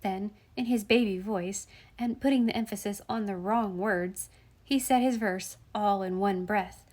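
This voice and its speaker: A woman narrating a classic children's novel at a measured, gentle pace. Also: mid-range voice. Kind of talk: audiobook reading of a classic novel.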